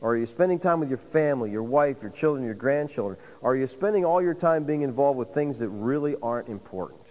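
A man's voice: mid-range voice, lively intonation, fast talker, darkish tone. Preaching man in a reverberant hall. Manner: preaching with rising emphasis, addresses listeners as folks. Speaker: pastor. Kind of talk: sermon. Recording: dull sound with long hall reverb.

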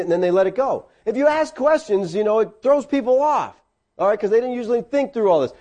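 A man preaching a conversational sermon, teaching a class and putting questions to them. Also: fast. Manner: animated, swings between high and low pitch. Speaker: pastor.

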